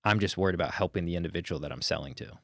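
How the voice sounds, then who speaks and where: A man's voice: deep voice, racing, no echo, studio quality. A man in his thirties, a sales closer, telling stories energetically in a casual interview. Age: 30s. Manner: energetic storyteller, swears casually. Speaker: sales closer, podcast guest.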